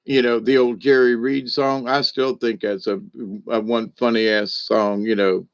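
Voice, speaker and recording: Slow, folksy man musing on faith. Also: mid-range voice, little pitch movement, smooth, highs cut off. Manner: folksy, rambling, with many fillers. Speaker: speaker on spiritual lessons. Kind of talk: rambling storytelling and reflection.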